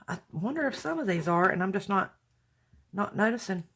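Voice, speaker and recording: A woman's voice: medium pitch, animated, fairly quick, fairly bright tone, slightly rough. A woman chatting casually to viewers as she unboxes craft mail, gushing and exclaiming with thanks. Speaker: craft vlogger opening mail.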